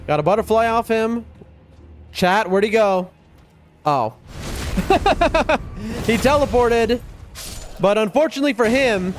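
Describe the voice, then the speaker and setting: A young man streaming a game, chatting excitably to his viewers as he plays. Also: high voice. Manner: chatty, excitable, often addresses chat. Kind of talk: live gameplay commentary to chat. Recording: faint music behind voice.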